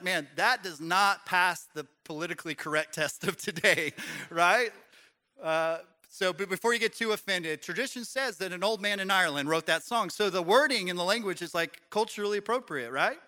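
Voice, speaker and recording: A man's voice: sits high, brisk, sharp tone. A man preaching a sermon in a church, conversational and joking with the congregation. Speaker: pastor. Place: church sanctuary.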